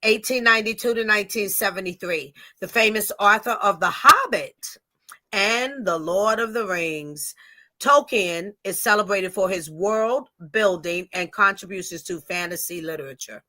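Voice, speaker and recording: A woman's voice: medium pitch, moderate pace, sharp tone. A woman co-hosting a livestreamed podcast, reading fun facts from notes with small stumbles and laughs, over a video call. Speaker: podcast co-host.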